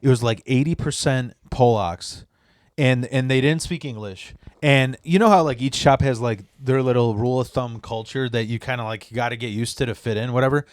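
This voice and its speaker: A man's voice: mid-range voice, normal speed, no echo. A man from the Chicago area telling crude work stories in casual talk, cursing often and restarting his sentences. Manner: profane, rambling with many restarts. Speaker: podcast guest. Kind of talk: casual storytelling.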